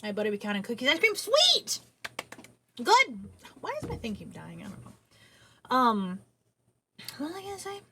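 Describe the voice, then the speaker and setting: A woman streaming a casual late-night chat from her home setup into a boom arm mic, rambling and swearing casually. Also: sing-song, a little fast, pauses often, fairly bright tone, a little hiss or hum. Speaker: livestreamer.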